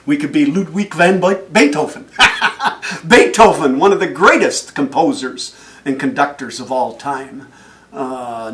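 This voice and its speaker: A man giving a motivational speech, telling stories in an animated way and chuckling often. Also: a little high, distant mic. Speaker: motivational speaker.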